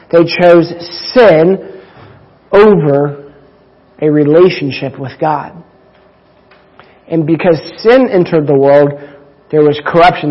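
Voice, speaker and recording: A man preaching a sermon, with deliberate, emphatic delivery and drawn-out pauses. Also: a little high, husky. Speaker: pastor. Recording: dull lo-fi recording.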